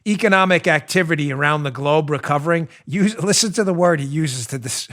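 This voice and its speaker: A male talk show host speaks at a slightly high pitch into a studio mic. His delivery is animated and mocking, and he often breaks into laughter while commenting. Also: brisk.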